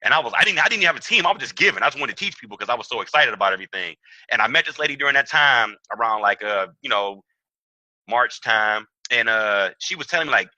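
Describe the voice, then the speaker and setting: A young man, telling a story in an animated way and acting out the dialogue in a raised voice. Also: mid-range voice, racing, no room sound, rough recording. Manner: excitable, acts out quoted dialogue in raised voice. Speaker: trading trainer.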